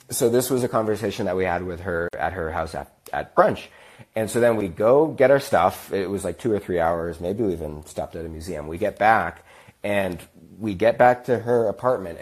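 Deep-voiced man telling a rambling story. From United States. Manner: rambling, acts out quotes in other voices. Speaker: podcast host. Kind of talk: casual storytelling.

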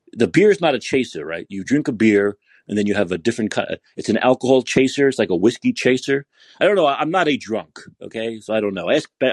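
A man's voice: fairly low pitch, breathy edge, no room sound. A man hosting a political podcast, ranting in a sarcastic, combative way. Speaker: podcast host.

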